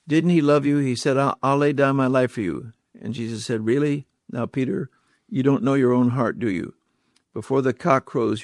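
A man's voice: mid-range voice, vocal fry, dry recording, clean studio sound. A man preaching a sermon, stressing points with repeated words and rhetorical questions.

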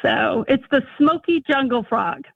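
A woman from North Dakota calls in to a radio show, her voice high and lifted. She talks eagerly, searching for her words. The sound comes through a tinny phone line. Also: expressive, measured pace, creaky, breathy edge, no room sound. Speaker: caller. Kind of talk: casual call-in chat.

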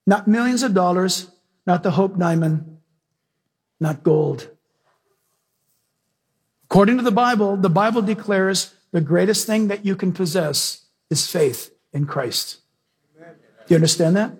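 A male preacher delivers a sermon in a high-pitched voice. His tone is husky and breathy, and he presses points home with emphasis and direct questions to the congregation. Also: a little slow, long pauses. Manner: emphatic, questions the audience, animated storytelling.

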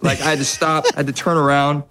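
A man with an American accent, a guest actor chatting casually in an interview, laid-back and self-deprecating, getting animated when telling stories. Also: on the high side, fast talker, soft background music.

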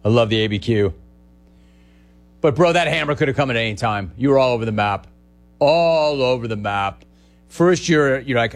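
Guy hosting call-in radio, brash, riffing fast, repeats stuff for laughs. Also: medium pitch, animated. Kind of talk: sports talk radio call-in.

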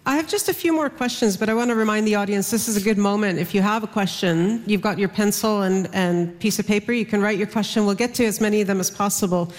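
A woman moderating a live panel, asking deliberate, measured questions. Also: mid-range voice, long reverb tail.

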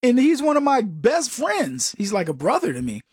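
A man hosting a talk radio show, telling stories in an animated way and acting out what people said. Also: very high voice, moderate pace, breathy edge, no room sound, studio quality. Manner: animated storytelling, acts out quotes.

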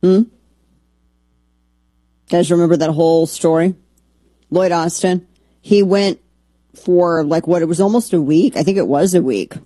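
A woman's voice: on the low side, measured pace, long pauses, mellow, no echo. A middle-aged woman hosting a political talk radio show, combative and sarcastic in her monologue.

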